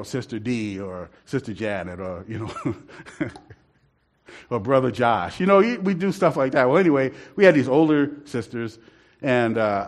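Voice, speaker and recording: Chuckling man telling a church story. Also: mid-range voice. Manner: rambling, laughs often. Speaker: church member telling a testimony. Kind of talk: casual storytelling.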